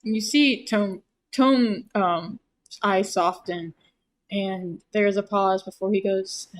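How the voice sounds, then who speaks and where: A woman narrating her character's actions in a casual tabletop role-play, chatty and full of fillers. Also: medium pitch. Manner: chatty, quick laughs, lots of fillers. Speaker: player and co-narrator.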